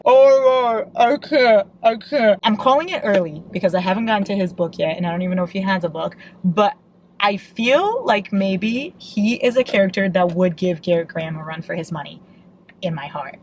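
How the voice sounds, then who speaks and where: A woman's voice: lowish voice, brisk, slight background noise, rough recording. Gushing young woman chatting about books. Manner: gushing, excitable, laughs often, swears casually. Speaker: book vlogger. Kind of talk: casual read-along book chat. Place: inside a parked car.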